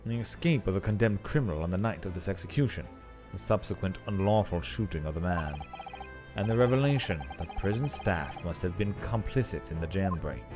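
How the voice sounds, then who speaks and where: Stern old chief justice, voiced by a man, deep, measured, with soundtrack under him. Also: lively intonation, music in the background. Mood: solemn. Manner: grave, measured, formal. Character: stern older male chief justice, commanding.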